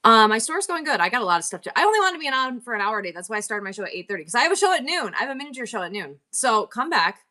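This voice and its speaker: A woman's voice: fairly high pitch, sing-song, rapid-fire, few pauses, sharp tone. A middle-aged woman hosting a live selling stream, talking candidly and rambling with frequent laughs. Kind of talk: casual live-stream chat.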